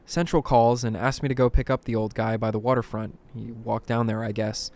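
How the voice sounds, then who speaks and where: A man reading creepy first-person stories aloud in a dramatic narration, dropping to a hush at tense moments. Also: medium pitch, level tone, brisk. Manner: dramatic, hushed at tense moments, bursts of alarm. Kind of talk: scripted horror story narration.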